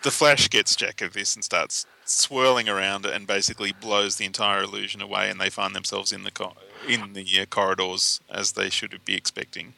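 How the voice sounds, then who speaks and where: A man recaps comic book stories for a podcast, chatty and wry. His voice is gravelly and sits a little low. It also has a very bright, crisp edge. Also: little pitch movement, normal speed, few pauses, low-quality recording. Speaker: podcast co-host. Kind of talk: casual comic book discussion.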